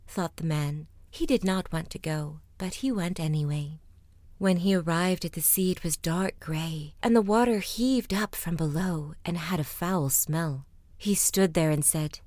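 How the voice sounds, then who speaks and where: A woman reading a fairy tale aloud, slipping into soft whispers at times. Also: fairly low pitch, a little slow, dry recording. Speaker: storyteller.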